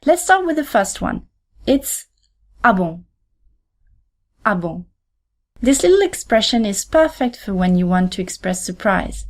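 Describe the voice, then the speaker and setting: Clear, deliberate woman teaching. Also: on the high side, sing-song, a little mellow. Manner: clear, deliberate, repeats example phrases slowly. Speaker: podcast host and French teacher. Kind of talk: scripted language lesson.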